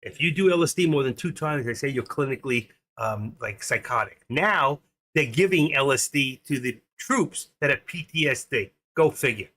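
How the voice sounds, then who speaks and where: A man's voice: mid-range voice, animated, normal speed, bright, forceful tone. A man in his sixties hosting a live stream, chatting in a rambling, opinionated way and reading off market numbers. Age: 60s.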